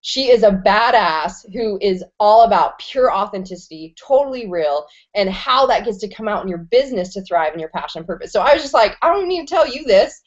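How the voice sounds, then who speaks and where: A woman's voice: mid-range voice, animated, brisk, hardly any pauses, muffled recording. A woman hosting an online interview show, enthusiastic and slangy, swearing freely and rambling as she talks. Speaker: host.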